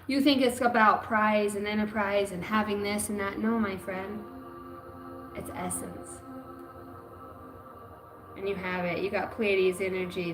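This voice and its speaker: A woman giving an intuitive card reading on a livestream. She talks loosely, swears freely and now and then breaks into chanted sounds. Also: medium pitch. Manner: loose, profane, bursts into chanting. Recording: roomy room with music behind.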